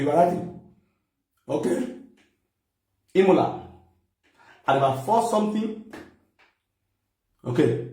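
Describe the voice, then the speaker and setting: A Nigerian man with a high voice runs a teasing comic bit, mocking and laughing as he goes. He sounds set back from the mic. The room around him rings with echo. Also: dark tone. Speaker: comedian. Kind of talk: comic mock phone call. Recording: echoey room, mic at a distance.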